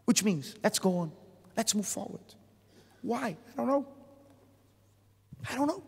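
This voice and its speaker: High, animated preacher man in a hall. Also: unhurried, creaky, slightly rough. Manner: emphatic, with rhetorical questions and call-and-response "Amen?". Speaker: bishop preaching. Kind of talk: sermon. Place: large theatre hall. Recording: long hall reverb in a theatre.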